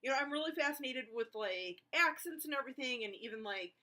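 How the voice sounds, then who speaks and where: A woman's voice: sits high, animated, quick pace, sharp tone. A woman paraphrasing an overly polite, eager suburban man in her own voice. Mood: ingratiating.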